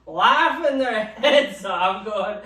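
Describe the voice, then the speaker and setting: A man's voice: high voice, lively intonation, slow pace, bright, forceful tone. A man helping tell family stories in casual chat, chiming in to finish his brother's sentences. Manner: chimes in, finishes the other's sentences. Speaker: co-host, brother. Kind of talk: casual storytelling. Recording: echoey room, mic at a distance.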